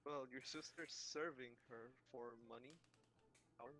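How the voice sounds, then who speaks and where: A man's voice: mid-range voice, fairly even intonation, measured pace, sharp tone. A man voicing a blunt male adventurer in a tabletop game, speaking matter-of-factly. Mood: dry.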